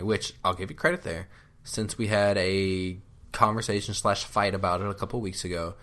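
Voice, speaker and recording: A man's voice: sits low, a bit bright. A man co-hosting a podcast with his wife, bantering in a sarcastic, self-deprecating and mock-dramatic way. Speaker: podcast co-host. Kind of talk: casual banter with spouse.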